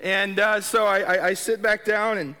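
Speaking at a normal speed with some vocal fry, a man shares his testimony in a sermon, conversational and prone to stumbling over repeated words. He alternates soft, low moments with loud, excited bursts, all in a long hall reverb.

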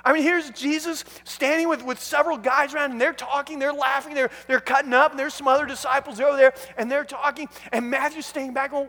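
A man preaching a sermon as a pastor, telling the story in an animated way with many restarts. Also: very high voice, a little fast, in a large hall.

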